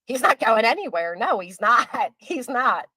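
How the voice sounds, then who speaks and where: A woman's voice: fairly high pitch, big pitch swings, a little slow, sharp tone, dry recording. A woman co-hosting a casual chat, teasing and wry.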